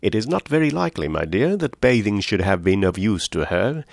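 A man voicing a fretful elderly gentleman who fusses anxiously over health. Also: on the low side, expressive, fairly quick, creaky, no echo, studio quality. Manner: anxious, fussing, gently scolding.

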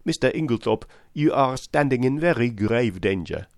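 A man's voice: medium pitch, lively intonation, moderate pace, a little mellow, no echo, studio quality, lightly acted. A man voicing a precise, theatrical older male detective with formal, stagey delivery, in an audiobook reading. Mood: pointed.

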